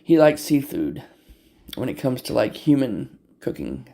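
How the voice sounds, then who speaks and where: Gravelly man chatting to his cats. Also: medium pitch, sing-song, measured pace, warm tone. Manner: playful, swears freely, coos at his cats in baby talk. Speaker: pet vlogger filming his cats. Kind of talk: casual livestream chat. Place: indoors at home. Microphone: phone or camera on a tripod.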